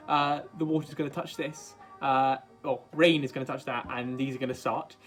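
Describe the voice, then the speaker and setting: A man talking through his homemade project in a relaxed vlog style. He explains each part step by step as he tinkers, in a slightly higher voice. Soft music plays faintly underneath. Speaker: maker demonstrating a project. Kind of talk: casual DIY vlog narration. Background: faint background music.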